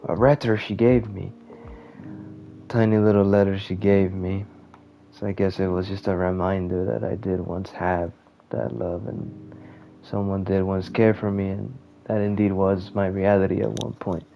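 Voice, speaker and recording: Low-voiced man venting while gaming. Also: flat delivery, vocal fry, slight background noise. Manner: rambling, halting, trails off quietly. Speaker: gamer venting. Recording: muffled lo-fi audio with faint game music.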